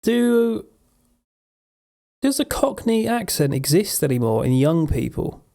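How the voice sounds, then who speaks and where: Suffolk-born male streamer, gravelly, meandering and dry. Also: high-pitched, big pitch swings, takes it slowly, dark tone. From Suffolk, England. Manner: rambling, wry. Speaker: live streamer. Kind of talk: casual chat.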